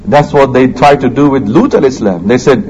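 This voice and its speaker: A man preaching a sermon with animated, dramatic delivery, quickly reciting Quranic Arabic between his English explanations. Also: mid-range voice, dull audio. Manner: animated, dramatic delivery that swings between loud emphasis and hushed asides. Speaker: Islamic preacher.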